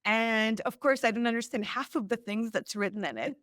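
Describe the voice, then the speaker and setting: A woman guest on a podcast, telling a personal story with lively acted-out quotes. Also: on the high side, fairly quick, no echo, studio quality. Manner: animated, acts out quoted lines. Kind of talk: storytelling in an interview.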